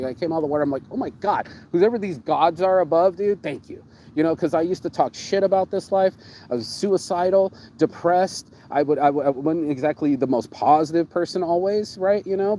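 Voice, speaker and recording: A man hosting a casual chat, telling his travel stories in an excitable, profane way and repeating words for emphasis. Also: fairly high pitch, a little hiss or hum, rough recording. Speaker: show host.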